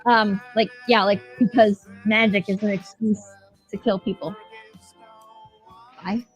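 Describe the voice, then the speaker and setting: A woman's voice: medium pitch, fairly even intonation, unhurried. A woman co-hosting a podcast, chatting casually about a show in a rambling, profane way, laughing as she retells scenes. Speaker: podcast co-host. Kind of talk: casual chat reviewing a show. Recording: dull lo-fi sound with faint music.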